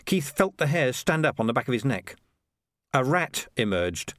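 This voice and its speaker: Brief: male narrator, expressive and lively storyteller, dry studio read. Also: mid-range voice, moderate pace, no echo. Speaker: audiobook narrator. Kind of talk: scripted narration.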